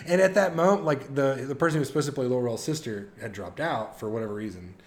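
Excitable man telling a story. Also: mid-range voice, normal speed. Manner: excited storytelling with laughs and impressions. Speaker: podcast co-host. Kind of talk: casual chat.

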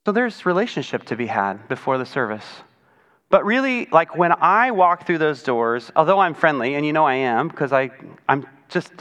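A man's voice: on the high side, a bit bright. A man preaching a chatty, conversational sermon as pastor, often acting out other people's voices. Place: church sanctuary.

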